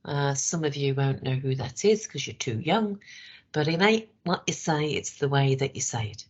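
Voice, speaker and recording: Hoarse woman leading a training session. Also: very deep voice, expressive, moderate pace. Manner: conversational, asks rhetorical checks. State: hoarse, voice worn. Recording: dull lo-fi recording.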